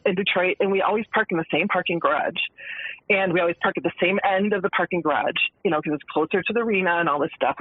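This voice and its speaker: A woman's voice: fairly low pitch, no echo. Laughing woman caller on a tinny phone. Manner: chatty, laughing, quick storyteller. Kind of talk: phone-in storytelling.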